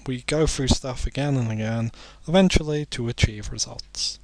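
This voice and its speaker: A man's voice: mid-range voice, normal speed, no room sound. A sleepy man commentating a video game, rambling and making self-deprecating jokes between muttered asides. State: sleepy, yawning. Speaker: let's play commentator.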